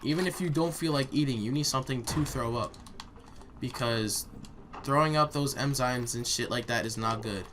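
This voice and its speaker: A young man rants bluntly and swears freely as he recounts a rough day, talking casually at home. His voice sits at an ordinary pitch for a man. A clear hiss of noise runs under the recording. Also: moderate pace, fairly bright tone. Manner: blunt, heated and profane. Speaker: vlogger. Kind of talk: casual storytime while gaming.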